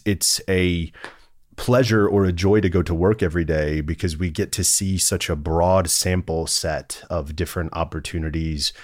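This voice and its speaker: A man's voice: low-pitched, no echo, clean studio sound. A man, a partner at an executive search firm, speaking in a conversational interview with an earnest, polished business manner.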